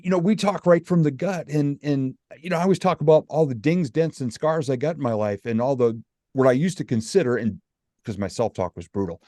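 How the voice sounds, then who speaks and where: A man's voice: medium pitch, dark tone, no echo, studio quality. An American man hosting a radio interview, talking in an upbeat, folksy, storytelling way. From United States. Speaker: radio show host. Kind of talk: casual interview chat.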